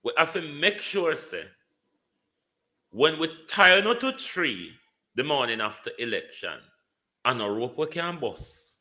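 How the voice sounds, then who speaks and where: Slow, bright-voiced Jamaican man. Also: mid-range voice. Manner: banters and greets viewers by name. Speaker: live stream host. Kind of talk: casual political commentary.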